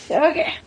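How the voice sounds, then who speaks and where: A woman's voice: high-pitched, vocal fry, a little mellow, slight background noise. A woman co-hosting a podcast in casual chat, playful and laughing often. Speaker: podcast co-host.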